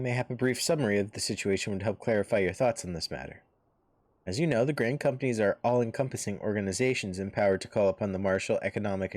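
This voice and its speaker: A man reading as Minfilia, formal and low. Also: a little mellow, dry recording. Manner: formal, measured storybook delivery. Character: composed woman leader of a heroes' order. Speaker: streamer reading game dialogue aloud. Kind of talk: dramatic read-aloud of game dialogue.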